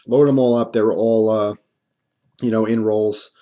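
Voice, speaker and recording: A man's voice: mid-range voice, steady tone, normal speed, warm tone. A man telling a casual storytime to camera, rambling with lots of fillers and wry self-mocking humor. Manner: rambling, chatty, many fillers and restarts. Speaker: coin-collecting vlogger.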